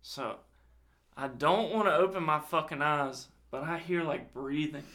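A man telling a funny story among friends, profane and animated, speeding up in bursts. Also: fairly high pitch, measured pace.

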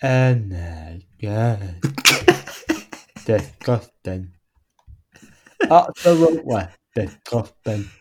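A man reading aloud in a low, murmured put-on voice, slow and quiet. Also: animated, husky, full character voice. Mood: hushed.

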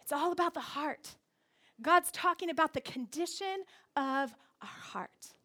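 High-voiced woman pastor preaching. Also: a little slow, pushed and bright. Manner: emphatic preaching, repeating phrases for stress. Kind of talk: sermon. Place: church sanctuary.

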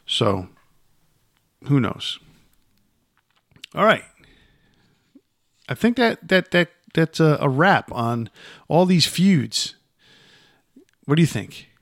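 A man's voice: on the high side, very animated, slow pace, long pauses, no room sound, clean studio sound. A man co-hosting a podcast in casual chat, rambling with many restarts and getting emphatic as he makes his points. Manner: rambling, with frequent restarts and repeated words; emphatic, voice rising when making a point. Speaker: podcast co-host.

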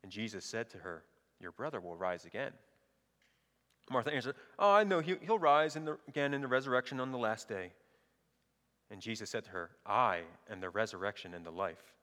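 Man, pastor, sermon, rhetorical questions, bright voice, long hall reverb. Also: on the low side, expressive, fairly quick. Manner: reads scripture then preaches with rhetorical questions. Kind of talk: sermon with scripture reading.

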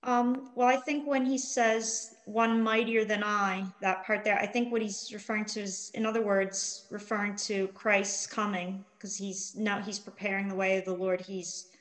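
A woman's voice: mid-range voice, level tone, normal speed, few pauses, rough recording. A middle-aged woman co-hosting a live online Bible study, reading scripture and viewer comments aloud with frequent ums. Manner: warm greetings, reads viewer comments aloud with many ums.

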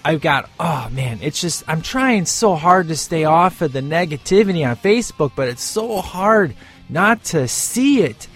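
Brief: male podcast host, slightly high voice, emphatic and opinionated, faint music bed. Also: unhurried, husky. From United States. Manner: animated, emphatic, ranting. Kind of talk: casual show review and rant.

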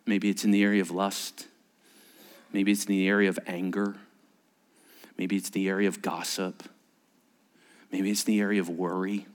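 A man preaching as pastor at a church service. His delivery is animated, swinging between emphatic points and hushed, whispered asides. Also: deep voice, normal speed, pauses often. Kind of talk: sermon.

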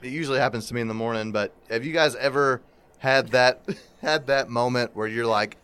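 A man's voice: medium pitch, a little fast, a bit bright, clean tone. A man co-hosting a podcast, telling a crude story in casual chat, swearing often and laughing. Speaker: podcast co-host. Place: lives in the American South.

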